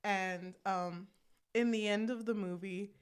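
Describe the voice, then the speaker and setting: A woman's voice: mid-range voice, takes it slowly, clear, resonant tone. A young woman co-hosting a podcast, chatting casually as she retells a movie plot and acts out the characters' lines. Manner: animated, acts out character lines while recapping. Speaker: podcast co-host.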